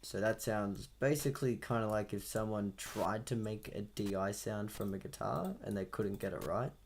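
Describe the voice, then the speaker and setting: A man's voice: fairly low pitch, normal speed, slight background noise. A young man, thinking aloud casually as he mixes a song. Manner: muttering, thinking aloud, self-deprecating. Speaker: audio engineer mixing music. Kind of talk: casual talk-through while working. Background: loud guitar music playing.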